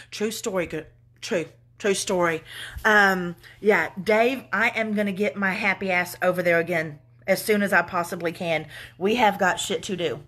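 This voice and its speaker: A woman's voice: mid-range voice, unhurried, fairly bright tone. A middle-aged woman with a Southern US accent, an author reading her own book aloud and then chatting with her live viewers in an effusive way, swearing freely.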